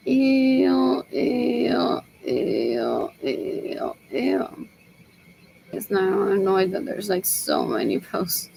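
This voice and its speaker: A woman's voice: fairly high pitch, mellow, slight background noise, low-quality recording. A young woman rambling in a solo monologue, repeating herself and muttering as if to herself.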